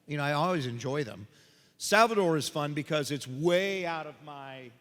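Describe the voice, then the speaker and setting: Lively, joking man on a convention stage. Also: a little high, normal speed. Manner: animated, joking storyteller who acts out quoted voices. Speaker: voice actor convention panel guest. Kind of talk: convention panel storytelling and Q&A. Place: convention panel room on a stage. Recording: reverberant hall.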